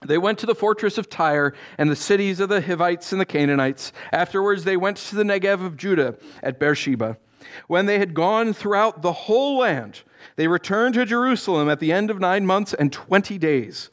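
A male pastor preaching a sermon, reading Bible verses and cracking jokes in animated asides. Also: high voice, normal speed.

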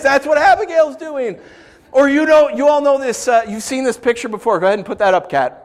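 Animated high-voiced male preacher. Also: a little fast. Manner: animated storytelling with shouted bursts and rhetorical questions. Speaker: pastor. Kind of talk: sermon.

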